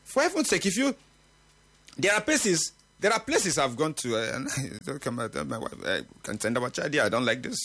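A husky-voiced middle-aged man hosts a morning radio talk show. He speaks earnestly and with emphasis, and his pitch swings widely as he makes his points. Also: very animated, brisk, fairly bright tone. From Nigeria. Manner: earnest, emphatic, with occasional laughs. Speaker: radio host.

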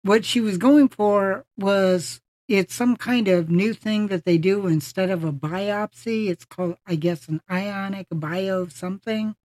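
A podcast host in casual conversation, voice sitting at a middle pitch. The delivery is halting and full of fillers and self-corrections, recorded dry with no room sound. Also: a little mellow, no room sound. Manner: halting, many fillers and restarts.

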